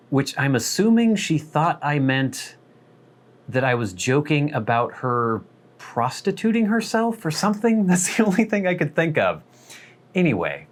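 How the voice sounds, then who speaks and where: A man's voice: a little high, very animated, unhurried. A man hosting his vlog, telling a rambling, wry, self-deprecating story in a casual way. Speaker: vlog host.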